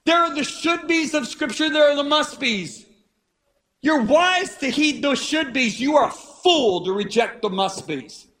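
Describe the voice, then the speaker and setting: A man with a very high speaking voice delivers a sermon as a dramatic story. He acts out the people he quotes. His delivery swings from hushed to shouted. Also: expressive, slow pace, a little hiss or hum. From Italian-American. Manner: shifts between hushed and shouted. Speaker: preacher.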